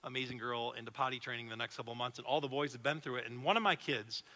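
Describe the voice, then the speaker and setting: A man in his thirties preaching a sermon in a church, talking in an animated, conversational way with frequent restarts. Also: medium pitch, rapid-fire. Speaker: pastor. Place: church auditorium. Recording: long hall reverb.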